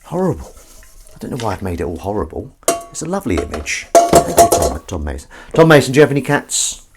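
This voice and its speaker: Over loud music, a man with a lowish voice and wildly swooping pitch talks briskly while washing up in his kitchen. He's hosting a casual home live stream, rambling and chatting to viewers and his cat, and singing little tunes.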